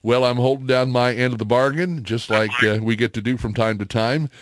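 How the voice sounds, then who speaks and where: A man's voice: mid-range voice, steady tone, a little fast, a little hiss or hum. A middle-aged man hosting a morning radio show, chatting casually with lots of fillers. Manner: chatty, folksy, many fillers. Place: radio studio.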